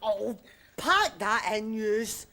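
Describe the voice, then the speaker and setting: An actress with a Glaswegian accent playing a fierce, nagging housewife in a sitcom. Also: female voice, mid-range voice, expressive, drawn-out words, very noisy. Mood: scolding. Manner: scolding, sharp-tongued. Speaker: sitcom wife. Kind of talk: sitcom acting. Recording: studio audience laughter behind.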